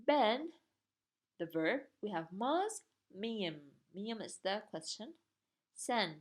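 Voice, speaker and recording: A woman's voice: medium pitch, lively intonation, slow pace. A woman teaching a grammar lesson, patiently spelling out each form step by step. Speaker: language teacher.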